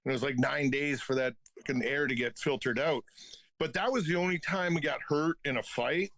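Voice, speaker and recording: Profane retired hockey enforcer. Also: male voice, mid-range voice, a little fast, fairly bright tone, dry recording. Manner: profane, laughing anecdotes. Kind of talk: casual storytelling.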